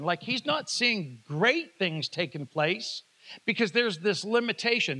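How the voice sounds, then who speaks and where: A man's voice: sits high, bright, forceful tone. A man preaching a sermon, reading scripture and retelling it in casual everyday words, asking the congregation to repeat phrases. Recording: reverberant hall.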